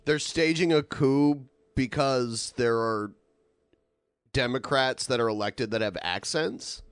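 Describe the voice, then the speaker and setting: A man's voice: mid-range voice, takes it slowly, clear, resonant tone, no echo. A man on a podcast panel, joking and answering with sarcasm. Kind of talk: casual panel chat.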